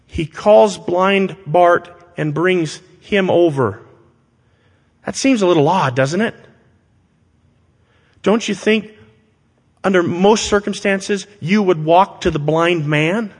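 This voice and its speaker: A man preaching a sermon to his congregation, speaking deliberately and with emphasis and asking rhetorical questions. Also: sits high, slightly rough. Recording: long hall reverb.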